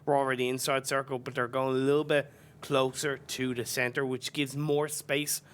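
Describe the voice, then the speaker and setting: A man's voice: mid-range voice, level tone, moderate pace, smooth. A man giving colour commentary on an esports match, talking through team tactics in a chatty, analytical way with plenty of fillers. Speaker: esports co-caster.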